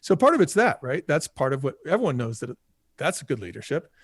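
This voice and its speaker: Very animated and fairly quick, this American man, once a restaurant executive, speaks as a podcast guest in a relaxed interview. His slightly rough, higher voice is full of "you know" fillers and acted-out quotes, captured dry at studio quality.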